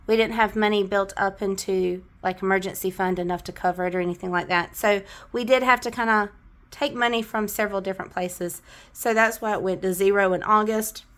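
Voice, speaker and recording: A woman's voice: mid-range voice, a bit bright. Chatty Southern woman counting cash. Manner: chatty, counts bills aloud. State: coughing now and then. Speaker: budgeting vlogger. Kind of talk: casual talk to camera while counting cash.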